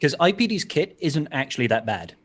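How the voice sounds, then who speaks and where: A man answering questions on a live gaming panel in a relaxed way, pausing and sighing as he thinks. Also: fairly high pitch. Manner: relaxed, sighs while thinking, laughs. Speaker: guest panelist. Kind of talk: casual live game chat.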